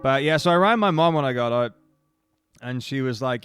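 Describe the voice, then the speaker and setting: A man's voice: medium pitch, fairly quick, fairly bright tone. Rambling male streamer telling a story. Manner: rambling, with frequent restarts and acted-out quotes. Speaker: speedrun streamer. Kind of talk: casual storytelling while streaming.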